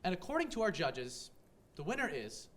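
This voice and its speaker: A young man hosts a campus debate show, his voice sitting high and swinging widely as he calls out teams. He keeps the exchange moving with playful authority. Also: normal speed. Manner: playful, lively moderating, trying to keep order. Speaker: debate moderator on a college TV show. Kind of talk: hosting a live student debate.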